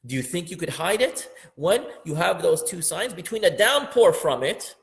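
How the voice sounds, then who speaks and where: A man's voice: high-pitched, lively intonation, moderate pace, vocal fry. Impassioned man teaching a poem. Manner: impassioned, building up to loud emphatic peaks, sometimes half-singing verses. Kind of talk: religious lesson on a poem.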